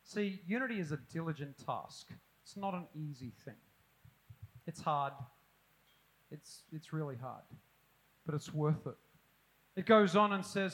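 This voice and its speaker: A middle-aged man preaching a sermon, animated and self-deprecating with humorous asides. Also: a little high, measured pace, pauses often, poor audio. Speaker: pastor.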